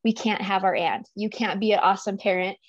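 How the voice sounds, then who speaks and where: A woman's voice: medium pitch, brisk, no room sound, highs cut off. A woman speaking as a guest coach in a casual interview, earnest and emotional, often laughing as she talks. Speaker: guest, business coach for mothers.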